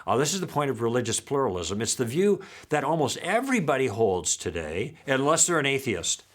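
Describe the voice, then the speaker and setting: A man's voice: mid-range voice, a little fast. A man giving a recorded teaching talk, telling stories from his own conversations and acting out both sides, often checking in with the audience by asking "okay?". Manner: animated storyteller who acts out dialogue and checks in with "okay?". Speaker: apologetics teacher.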